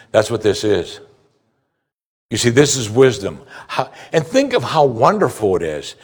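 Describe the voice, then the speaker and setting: A man preaching a sermon, emphatic and animated, asking rhetorical questions. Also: lowish voice. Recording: long hall reverb.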